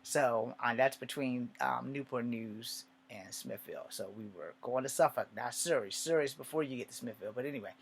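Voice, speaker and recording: Guy rambling through a story, swears a lot, keeps going off on side notes, normal pitch. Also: moderate pace, gravelly, hardly any pauses, slightly rough. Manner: rambling and profane, with many asides. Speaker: vlogger telling a personal story. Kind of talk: casual storytelling.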